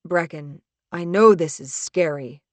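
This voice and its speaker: A woman voicing a calm teenage boy who talks slowly and softly. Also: fairly low pitch, dry recording. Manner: calm, slow and soft.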